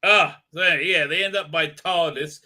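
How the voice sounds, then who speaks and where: A man's voice: a little high, unhurried, bright, forceful tone. A man hosting a live stream, giving sarcastic, rambling commentary on a TV episode as it plays. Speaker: show host reviewing an episode.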